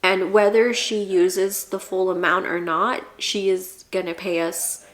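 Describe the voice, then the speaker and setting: Speaking in a mid-range voice with flat, slightly slow delivery, a young vlogger talks to the camera about home buying. She rambles earnestly, keeps restarting, and gets tearful and emotional at points.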